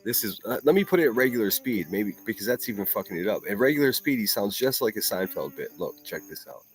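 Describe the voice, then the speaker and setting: Laughing, profane livestream host, low voice. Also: male voice, animated, fast, faint music behind. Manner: profane, laughing, rambling mockery. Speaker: livestream host reacting to clips. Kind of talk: casual livestream chat.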